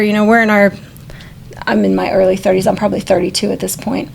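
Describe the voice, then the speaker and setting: A woman in her forties co-hosting a podcast, telling a story in a casual, animated and profane way. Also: medium pitch, fast, vocal fry. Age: 40s. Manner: animated, profane, acts out quoted voices. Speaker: podcast co-host.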